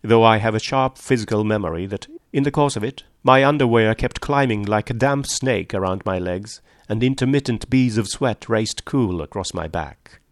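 A man reading a novel aloud as an audiobook narrator, measured and literary. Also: fairly low pitch, no room sound, studio quality. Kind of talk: scripted narration.

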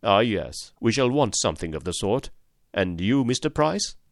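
A man voicing a panicky male company manager who strains to stay polite, his voice climbing higher as he pleads. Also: very animated, normal speed, gravelly, dry recording, clean studio sound. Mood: strained. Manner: strained, pleading, voice rising high.

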